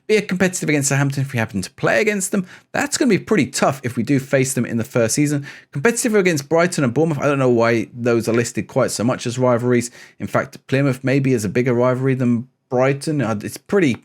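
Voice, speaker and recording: Fast-talking man narrating a game. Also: medium pitch. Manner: chatty, upbeat, rambling asides. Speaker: gaming YouTuber. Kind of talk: casual game commentary.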